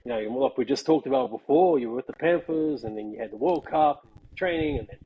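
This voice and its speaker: Laughing, husky New man. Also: medium pitch, fast, muffled recording. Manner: laughing, slangy, peppers speech with "bro". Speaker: guest. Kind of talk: casual storytelling chat.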